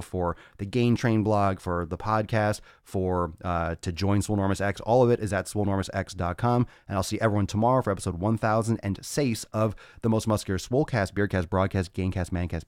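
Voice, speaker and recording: Man, podcast host, low voice, dry close mic, joking and swearing. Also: no room sound. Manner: loud, laughing, profane and jokey. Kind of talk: casual solo podcast chat.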